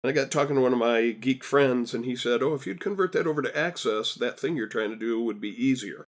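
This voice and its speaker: A man teaching a software tutorial over a screen recording, chatty and encouraging with folksy asides. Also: medium pitch, quick pace. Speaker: software instructor.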